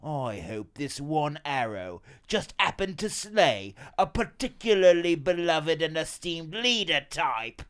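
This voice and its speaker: A man's voice: a little high, big pitch swings, slow, hardly any pauses, a bit bright, smooth. A man acting as game master, reading out a villain's mock-menacing letter.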